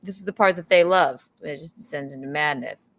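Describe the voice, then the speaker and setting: A woman's voice: low voice, brisk, a little hiss or hum. A woman hosting a comedy podcast, teasing and bossing her co-host around in playful banter. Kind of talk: casual comedic chat.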